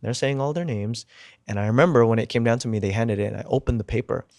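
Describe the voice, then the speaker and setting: A man's voice: mid-range voice, quick pace, a little mellow, no echo, clean studio sound. A man guesting on a podcast, telling a story casually and with energy. He swears freely, acts out the people he quotes, and drops to a whisper at tense moments.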